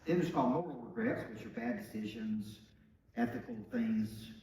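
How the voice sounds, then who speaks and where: A middle-aged man with a Southern accent giving an emphatic motivational talk, dropping low and quiet, then rising loud and bold. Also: very animated, moderate pace, a little hiss or hum. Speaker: motivational speaker. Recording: echoey hall, from far off.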